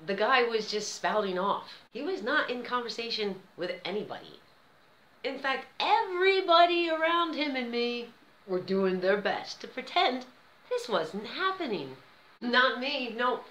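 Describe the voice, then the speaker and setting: American woman vlogging, lively up-and-down voice, kinda echoey room. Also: fairly high pitch, a little slow. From United States. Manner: animated, conversational storytelling. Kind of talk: storytelling vlog.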